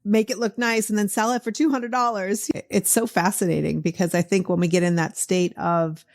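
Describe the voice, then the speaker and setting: A woman's voice: medium pitch, fairly even intonation, brisk. Chatty encouraging Boston woman host. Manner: chatty, encouraging, lots of "like" and "you know". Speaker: podcast host. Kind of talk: casual interview chat.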